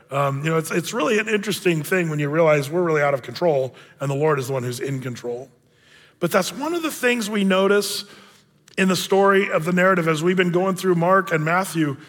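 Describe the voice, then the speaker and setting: Male pastor, high voice, casual storytelling sermon full of filler words, long church reverb. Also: fairly bright tone. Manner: chatty, storytelling, many fillers. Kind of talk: conversational sermon. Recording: long reverb of a large hall.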